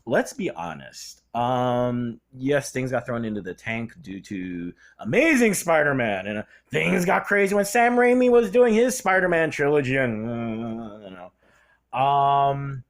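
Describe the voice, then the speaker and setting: Sarcastic rambling vlogger with a lively pitch. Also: a little slow. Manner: sarcastic, rambling, says "blah, blah" a lot. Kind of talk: casual opinion commentary.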